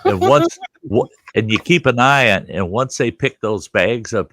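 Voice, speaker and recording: A man's voice: on the low side, big pitch swings, normal speed, fairly bright tone, no room sound. A man hosting a casual livestream chat, laid-back and salty, joking with his guests. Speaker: host of the livestream.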